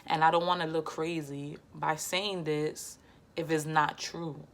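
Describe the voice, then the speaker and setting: A young woman telling a personal story on her vlog in a slangy, heated, lively way. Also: deep voice, unhurried. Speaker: vlogger. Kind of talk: casual storytime.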